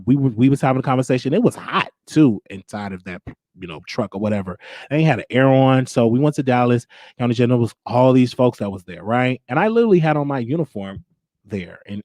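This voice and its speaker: A young man at a middle pitch tells his own story plainly and candidly. He stops and restarts often as he goes. The recording is dry and close, with no room sound. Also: darkish tone, no echo. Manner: candid, halting, with frequent restarts. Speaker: show host. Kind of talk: personal storytelling.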